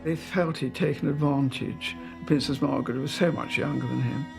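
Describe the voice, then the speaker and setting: An elderly woman, reminiscing in an interview with chatty anecdotes and soft hesitations. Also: extremely low pitch, steady tone, moderate pace, gravelly, over music. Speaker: interviewee recalling royal life.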